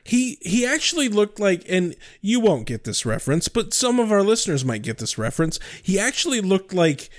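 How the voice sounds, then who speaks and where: A man's voice: high-pitched, very animated, moderate pace, hardly any pauses. A man co-hosting a podcast, recapping a TV episode in laughing, profane, enthusiastic chat. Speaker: podcast co-host.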